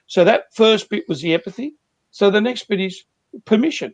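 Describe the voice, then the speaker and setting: A man's voice: sits high, normal speed, no room sound. A man working as a sales coach, earnestly explaining techniques through repeated examples on a video call.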